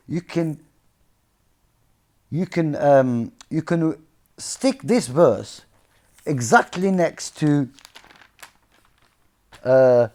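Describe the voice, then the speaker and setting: A man's voice: on the high side, warm tone. Earnest man explaining scripture informally. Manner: earnest, keeps checking in with "yeah?" and "see?". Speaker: religious commentator.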